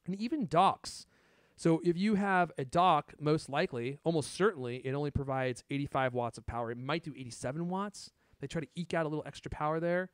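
A man hosting a casual tech podcast, excitedly showing off gadgets and chatting. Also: a little high, no echo, clean studio sound. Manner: excited, shows gadgets on camera. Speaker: podcast host.

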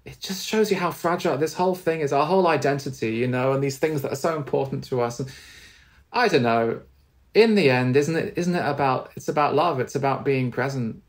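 A man, a spiritual teacher and podcast guest, telling a heartfelt story in a halting, earnest way with many restarts. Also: mid-range voice.

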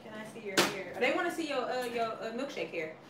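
A woman's voice: on the high side, animated, a little fast. Teasing woman. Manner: teasing, joking. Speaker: friend in the room. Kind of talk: casual teasing chat. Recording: echoey room, mic far off, crowd noise.

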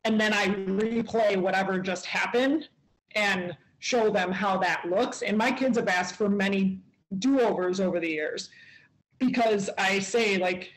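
A woman's voice: mid-range voice, measured pace, poor audio. Woman telling parenting stories on a panel. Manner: storytelling, acts out what she says to her kids. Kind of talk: panel discussion.

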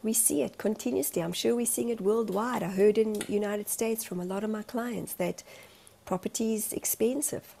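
Woman, vlog monologue, earnest and emotional, rambling, gravelly, mellow. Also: medium pitch, normal speed, slight background noise.

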